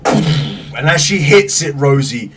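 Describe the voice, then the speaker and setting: A man's voice: on the high side, expressive, takes it slowly, breathy edge, recorded from a distance. A man narrating as game master, describing scenes vividly and swearing freely.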